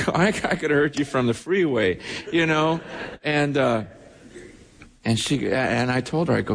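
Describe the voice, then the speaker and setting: A male pastor preaching a sermon, telling a story with animated delivery, repeating words and swinging his pitch up and down. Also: unhurried, gravelly, long pauses. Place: church sanctuary. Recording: long church hall reverb.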